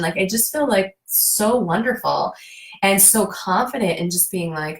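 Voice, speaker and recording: An effusive woman talks in a casual interview, her voice at a middle pitch. She acts out her own quoted thoughts as she goes. The room gives her voice a roomy echo. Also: lively intonation, normal speed. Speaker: guest. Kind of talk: casual conversation.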